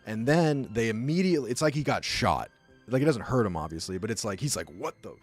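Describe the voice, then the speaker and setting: A man's voice: medium pitch, lively intonation, fast, faint music behind. A young man telling a rambling, casual story full of fillers, talking as a podcast host. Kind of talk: casual chat.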